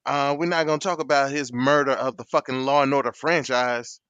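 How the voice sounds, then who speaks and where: A man's voice: mid-range voice, fairly even intonation, brisk, fairly bright tone, clear, resonant tone, no room sound. Dismissive male co-host with a muffled mic. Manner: dismissive, hesitant, full of ums. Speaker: podcast co-host. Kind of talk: casual podcast banter.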